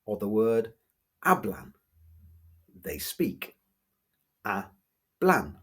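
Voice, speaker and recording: Guy teaching spanish grammar, kinda breathy voice, bouncy intonation, repeats words slow. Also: medium pitch, big pitch swings. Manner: patient, spells out rules slowly and repeats example words. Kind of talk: explanatory language lesson.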